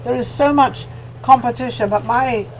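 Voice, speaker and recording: A woman's voice: on the high side, normal speed, darkish tone, slight background noise, poor audio. A middle-aged woman from England hosting a talk show, chatty and effusive, with a joking streak. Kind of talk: casual interview chat.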